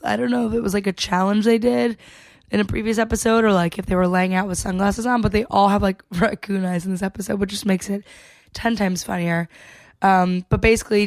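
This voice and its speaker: A woman's voice: medium pitch, no echo. Chatty, foul-mouthed woman podcaster. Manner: chatty, swears freely, laughs between points. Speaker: podcast co-host. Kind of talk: casual episode recap.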